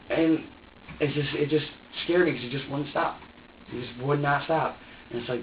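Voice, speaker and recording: In a police interview room, a man with a fairly high, steady voice answers questions at a moderate pace, rambling anxiously, repeating himself and restarting sentences as he gives his statement. A room recorder picks him up from far away, so the audio sounds roomy, distant and dull, lo-fi with faint hiss.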